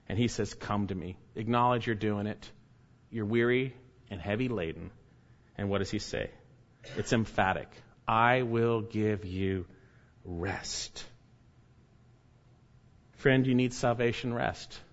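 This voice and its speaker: A man preaching a sermon in a mid-range voice. He presses hard on key words, then drops to hushed, quiet lines. The recording sounds dull and lo-fi. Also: mid-range voice. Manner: emphatic, swings from loud stresses to hushed lines.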